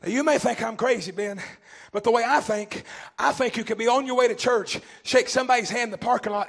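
Fervent preacher with a gravelly high voice. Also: male voice, fairly quick, few pauses. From East Tennessee. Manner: fervent, shouts and drops to a low intense voice. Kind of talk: sermon.

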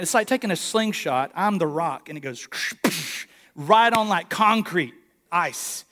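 Male pastor, late 30s, high-pitched, animated sermon storyteller, slightly breathless. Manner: storytelling, animated, calls for congregation response. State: short of breath from injured ribs. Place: church, live service.

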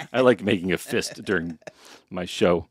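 A man's voice: low voice, measured pace, husky, dry recording, studio quality. A man hosting a podcast in a chatty, playfully wry casual chat. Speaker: podcast host.

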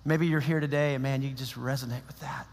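A man preaching a sermon as pastor, in a conversational, animated way with quoted asides. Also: medium pitch, brisk, vocal fry. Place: church sanctuary. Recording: long reverb of a church hall.

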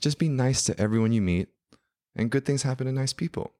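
Brief: man putting on sweet fairy-godmother tree, gentle and kind. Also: medium pitch, fairly quick, voice pushed up, close to an everyday voice.

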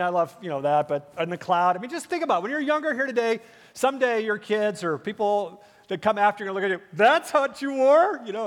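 High-voiced pastor preaching in a reverberant church. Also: male voice. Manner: emphatic, with rhetorical questions and frequent "uh" fillers. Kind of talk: sermon. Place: large church sanctuary. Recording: long hall reverb in a church.

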